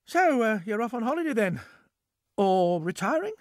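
A man voicing a flustered young man who stammers and exclaims, pitched up from his narration. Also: very animated, normal speed, no room sound, clean studio sound. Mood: chatty. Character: flustered young British man, easily baffled.

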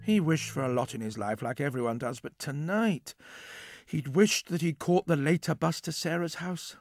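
A man narrating a story aloud, reading in an expressive way. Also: a little high, moderate pace.

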